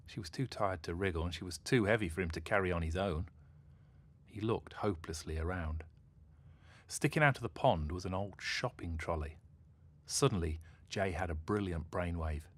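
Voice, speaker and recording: A man narrating a children's story in an expressive, animated way. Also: deep voice.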